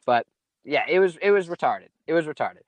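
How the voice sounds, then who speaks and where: A young podcast guest tells a rambling, profane story in laid-back slang during a casual chat. His voice sits on the high side, with lively intonation and a brisk pace, and there's no echo.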